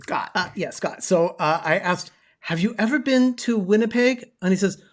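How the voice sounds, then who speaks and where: A man hosting a casual video chat, chatty and excitable as he tells a story. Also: sits high, normal speed. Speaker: host.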